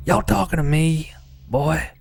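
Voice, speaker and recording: A man's voice: fairly high pitch, a little slow, vocal fry, breathy edge, pitched above the performer's own voice, heavily acted. A man voicing a tough, folksy woman adventurer in a put-on Texan accent, brash and drawling.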